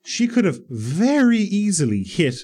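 A man co-hosting a podcast in casual chat, excitable and emphatic, often laughing. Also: high voice, measured pace, breathy edge. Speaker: podcast co-host.

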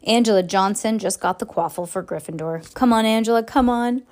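A woman voicing an excited male match commentator with eager, rising cheers. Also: mid-range voice, brisk, lightly acted.

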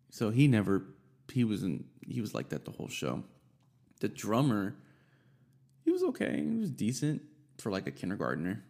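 A man's voice: mid-range voice, a little mellow. A young man telling a rambling, profane story in casual chat, full of fillers and asides. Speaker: storyteller recounting a band experience.

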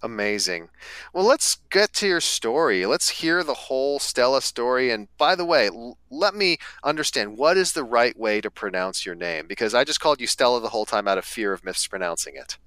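A man's voice: mid-range voice, lively intonation, moderate pace, a bit bright, clean tone, dry recording, low-quality recording. A man hosting a podcast interview, asking questions in an upbeat, eager way. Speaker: podcast host.

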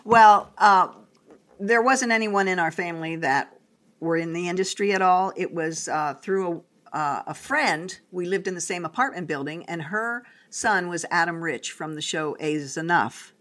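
An older woman tells a long family story as an interview guest, her voice a touch low. She talks in a lively, animated way, jumping into the voices of the people she describes. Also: normal speed. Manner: animated storyteller, acts out quotes.

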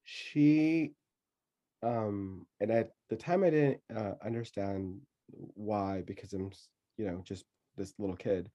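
A man telling a childhood story in casual conversation, laughing often and pausing with many fillers. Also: on the low side, dark tone.

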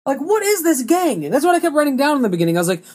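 A man's voice: extremely high pitch, very animated, racing, darkish tone. A man co-hosting a podcast, ranting in a casual, incredulous way about a bad movie and swearing now and then. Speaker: podcast co-host. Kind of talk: casual movie review chat.

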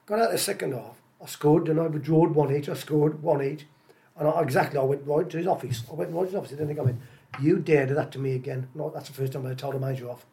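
A middle-aged man tells football stories in a loose, chatty way, acting out what people said to him. His voice sits a touch high for a man, and he rattles through the tales with easy good humour. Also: fast talker, creaky. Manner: chatty, animated anecdotes with acted-out dialogue and laughter. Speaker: interview guest, former footballer. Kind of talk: casual storytelling.

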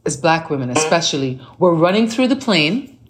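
Lively storytelling woman on a talk show. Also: sits low, moderate pace, a little hiss or hum. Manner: animated storytelling, acting out quoted voices. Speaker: guest. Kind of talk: casual chat.

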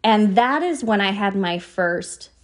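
A woman's voice: medium pitch, lively intonation, a little slow. A woman hosting a podcast, talking in a casual, heartfelt monologue that often turns emotional and is full of "you know" fillers. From United States. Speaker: podcast host.

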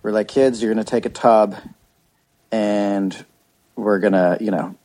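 A man's voice: on the low side, steady tone, unhurried, dark tone. A man in his thirties on a casual podcast, telling a long story with lots of restarts and swearing. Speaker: podcast co-host. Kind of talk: casual chat.

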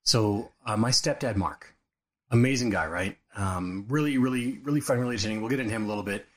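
A middle-aged man co-hosting a podcast, telling family stories in a lively way, acting out voices and laughing often. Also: fairly low pitch, quick pace. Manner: animated storyteller, acts out quotes, laughs often. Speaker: podcast co-host. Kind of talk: casual storytelling chat.

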